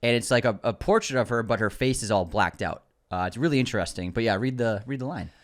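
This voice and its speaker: Man briskly running through movie news. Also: mid-range voice. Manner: brisk news rundown with casual asides. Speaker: podcast co-host. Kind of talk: reading out movie news items.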